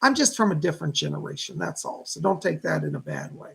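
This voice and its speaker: A man in his fifties hosting a casual psychic livestream, chatting warmly with viewers and greeting them by name. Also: a little high, expressive, fast talker, creaky, husky. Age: 50s.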